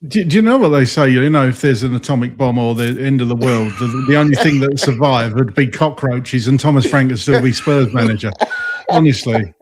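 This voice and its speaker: Male host, casual chat, halting recap delivery, middle-range voice. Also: mid-range voice, background noise. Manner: recaps the match with frequent ums and stumbles. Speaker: podcast host.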